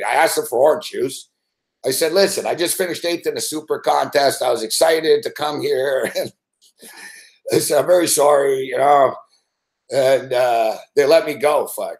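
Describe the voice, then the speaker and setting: A man's voice: medium pitch, gravelly. A man hosting a show, telling a rambling, profane story in casual chat and laughing often. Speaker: show host.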